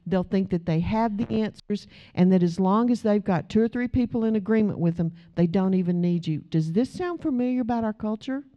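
A woman's voice: medium pitch, brisk, few pauses, warm tone, dull audio. A middle-aged woman preaching a sermon in a conversational way, asking the audience questions.

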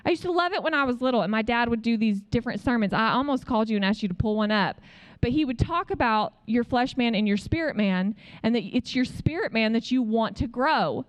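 A woman preaching in a conversational way, telling a personal testimony as an animated story and acting out what other people said. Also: a little high, brisk. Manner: frequent "like" fillers. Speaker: speaker sharing a testimony.

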